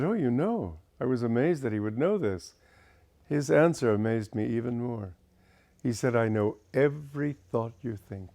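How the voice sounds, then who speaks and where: An older spiritual teacher reminisces to an audience, telling wry anecdotes from his past and laughing at his own stories. His voice sits on the low side with a darkish tone.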